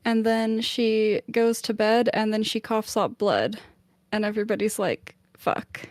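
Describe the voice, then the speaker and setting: A woman on a book club podcast casually retelling a chapter of a novel, chatty and animated, with plenty of "like". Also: fairly high pitch, measured pace, no echo, clean studio sound. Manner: chatty, lots of "like", animated summarising.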